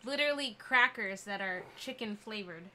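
A woman's voice: mid-range voice, normal speed, sharp tone, a little hiss or hum. A woman co-hosting a livestream, trading teasing, laughing banter in casual chat. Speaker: co-host.

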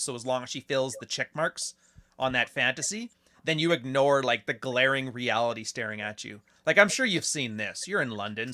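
Bright-voiced blunt American man. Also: medium pitch. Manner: blunt, sarcastic, mocking voices when quoting others. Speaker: podcast host. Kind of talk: casual conversation.

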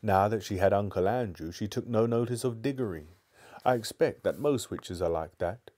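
A man's voice: fairly low pitch, normal speed, darkish tone. A man reading a children's novel aloud live, sometimes stumbling and restarting lines. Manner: stumbles and restarts, apologizes to viewers. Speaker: book reader.

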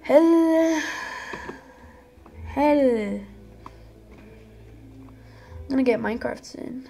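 Girl with a high voice talking slow over a game, goofy and dramatic, yelling at the characters. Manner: playful, dramatic outbursts at the game. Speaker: gaming channel host. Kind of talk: casual gameplay commentary.

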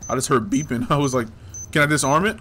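A man's voice: a little high, expressive, fast, bright, forceful tone, a little hiss or hum. A man giving loose, casual commentary while playing a game, talking to himself and teasing the hero, with frequent swearing. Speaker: gameplay streamer.

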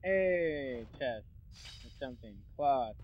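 A man's voice: medium pitch, animated, slow pace. Profane young man narrating his gameplay. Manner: rambling, profane, sarcastic asides. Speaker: let's play commentator. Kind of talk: casual gameplay commentary. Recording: dull lo-fi dry mic.

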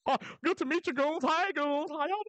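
A man putting on a high, squeaky mock-British voice as a pompous male streaming etiquette gentleman, giggly and flustered while commenting on his game. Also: moderate pace, no echo. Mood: playful. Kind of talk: live gameplay commentary in character.

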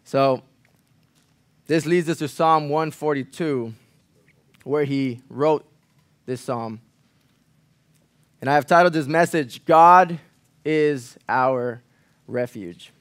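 A man preaching a sermon in a church, earnest, repeating phrases for emphasis, rising loud on key lines and falling quiet after. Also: takes it slowly, pauses often, no echo. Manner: earnest, swells louder on key lines then drops low. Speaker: pastor.

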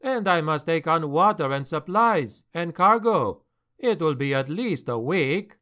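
A man voicing an excitable foreign male ship captain who pleads and protests in a fussy way, for an audiobook. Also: a little high, a little slow. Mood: protesting.

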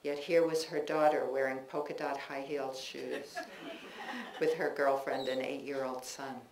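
A woman's voice: deep voice, slight background noise. Woman reading her essays in an echoey room. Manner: measured, reflective reading with chatty asides between pieces. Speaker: author reading her own work. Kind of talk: public reading of personal essays. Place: bookstore reading room with a live audience. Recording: echoey room recording with faint ambience.

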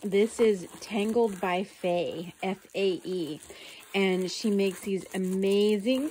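A woman's voice: mid-range voice, takes it slowly, warm tone, slightly rough. A middle-aged woman vlogging an unboxing, gushing, gasping and laughing as she talks to her viewers. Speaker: doll channel vlogger. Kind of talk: casual unboxing vlog.

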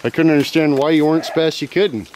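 A man's voice: fairly high pitch, fairly even intonation, quick pace, a little mellow. A man, vlogging outdoors by a store, swearing constantly, teasing his friends and laughing a lot. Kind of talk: rowdy casual banter.

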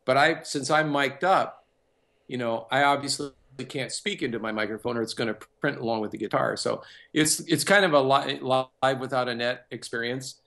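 A man's voice: mid-range voice, normal speed, vocal fry, pushed and bright. A man who works as a music producer and composer, telling a personal story in a casual interview and acting out other people's lines as he goes.

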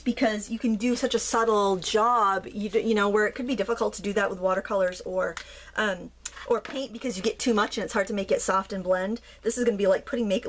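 A woman in her thirties unboxing and demonstrating art supplies, gushing and gasping with excitement, full of fillers. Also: a little high. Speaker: craft YouTuber.

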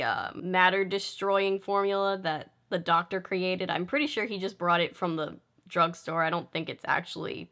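A woman's voice: lowish voice, fairly bright tone. A young woman vlogger giving casual, sarcastic film commentary, joking and laughing often.

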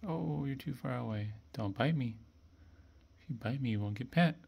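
A cat owner filming and talking to their pets in a cooing, affectionate voice with soft laughs. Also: medium pitch, moderate pace, creaky, a little hiss or hum. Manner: cooing, affectionate pet talk.

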